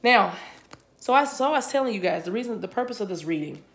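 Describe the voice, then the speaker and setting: A woman's voice: medium pitch, expressive, quick pace, creaky. A woman giving a rambling, channeled spiritual reading, often repeating words as they come to her. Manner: rambling, repeats words as she receives them. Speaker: spiritual reader. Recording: spiritual reading recorded for a video.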